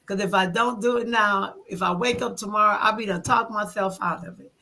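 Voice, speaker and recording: Animated, bright-voiced woman in her fifties. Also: mid-range voice, a little fast. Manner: animated storyteller who acts out her own quoted thoughts. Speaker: interview guest. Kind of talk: conversational interview.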